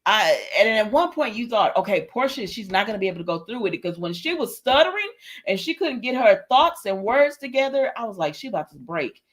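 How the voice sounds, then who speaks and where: A woman's voice: medium pitch, brisk. Chatty woman hosting a live stream. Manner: chatty and animated, laughs often, addresses viewers as y'all. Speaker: livestream host reviewing a soap opera. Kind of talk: casual chat, reading live comments.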